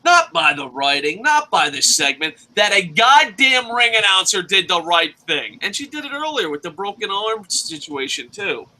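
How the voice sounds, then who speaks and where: High, sharp-voiced man ranting profanely. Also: big pitch swings, normal speed, hardly any pauses, rough recording. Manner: profane, ranting, shouts at times. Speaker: wrestling show reviewer. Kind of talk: casual ranting review.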